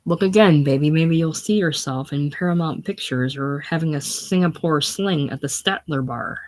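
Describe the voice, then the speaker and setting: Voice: medium pitch, moderate pace, a little mellow, natural voice. Kilroy, a reader doing a wisecracking drifter. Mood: bitter. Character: young American drifter man, tough and wisecracking. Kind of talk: casual play reading.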